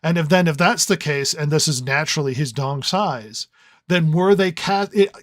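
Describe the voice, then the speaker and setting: A man's voice: fairly high pitch, moderate pace, no room sound, studio quality. A man co-hosting a podcast review in casual chat, rambling and riffing with lots of stammered restarts. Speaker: podcast co-host.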